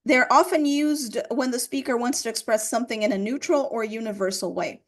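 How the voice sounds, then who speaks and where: Woman, English teacher giving a grammar lesson, slightly high voice, patient and repetitive. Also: fairly quick. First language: Portuguese. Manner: explains patiently, repeats examples, checks with "right?".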